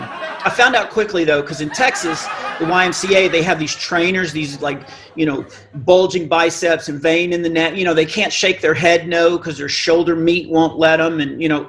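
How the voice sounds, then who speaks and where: A middle-aged man with a naturally high voice telling a self-mocking comic story on stage, acting out the dialogue. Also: normal speed, noisy background. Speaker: Christian comedian. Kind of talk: stand-up storytelling. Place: live event stage.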